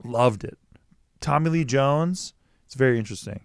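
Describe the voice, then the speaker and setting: A man in his thirties talking movies in casual podcast chat, animated and swearing freely, often breaking into mock quotes. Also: mid-range voice, normal speed, no room sound, studio quality. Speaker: podcast guest, Batman historian.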